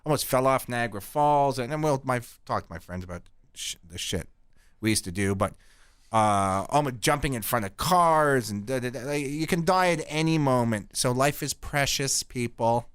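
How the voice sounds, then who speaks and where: A middle-aged man from Canada hosting a podcast, telling rambling stories in a crude, deadpan comic way. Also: mid-range voice, moderate pace, smooth, dry recording, clean studio sound. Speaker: podcast host. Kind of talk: casual profane storytelling.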